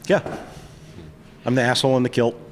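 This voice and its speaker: A man's voice: mid-range voice, flat delivery, slight background noise. A man talking as a guest on a podcast, blunt and teasing, in casual chat. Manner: teasing, blunt, talks in quick bursts. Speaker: guest, vehicle builder.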